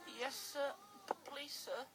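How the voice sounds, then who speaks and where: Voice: mid-range voice, expressive, takes it slowly, background noise, pitched above the performer's own voice. A storybook narrator voicing a small cheeky tank engine who chants whiny refrains. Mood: nervous.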